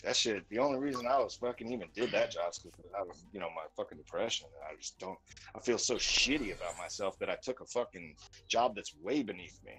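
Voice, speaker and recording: A man's voice: lowish voice, fast talker, low-quality recording. A man in his forties venting bluntly in casual chat while streaming, full of swearing. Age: 40s. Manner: profane, blunt, animated venting.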